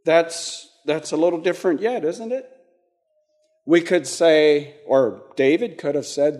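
A man giving an interactive sermon, halting and repeating words as he asks the congregation questions. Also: fairly high pitch, warm tone. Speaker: preacher.

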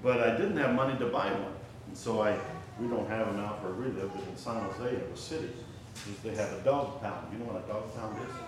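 A male preacher with a lowish voice speaks in a folksy, rambling way, pausing to ask his listeners simple questions. He sounds set back from the mic in a very echoey church hall, with steady room noise behind him. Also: far from the mic. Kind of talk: prayer and folksy sermon storytelling. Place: church gathering, roomy hall.

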